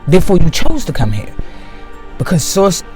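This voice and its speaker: A man giving a slow, emphatic spiritual monologue to his viewers, repeating key phrases for weight. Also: a little high, huge pitch swings, darkish tone, soft background music. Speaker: spiritual video host.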